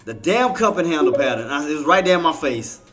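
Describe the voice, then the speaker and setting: A man's voice: on the high side, animated, a little fast, a bit bright, soft background music. A man giving live commentary on his trading, exasperated, swearing and talking straight to his chat viewers. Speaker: day trader streaming to viewers.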